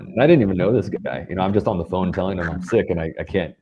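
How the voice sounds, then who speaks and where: A young man from Los Angeles, a band member being interviewed, telling tour stories in a casual, animated way and acting out quotes. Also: low-pitched, very fast, few pauses, highs cut off, slight background noise. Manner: animated storyteller, acts out quotes.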